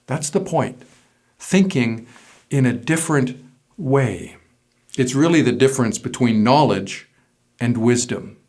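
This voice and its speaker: Man preaching a measured sermon. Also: medium pitch, animated, a little mellow. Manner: measured, emphatic pauses on single words. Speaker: pastor.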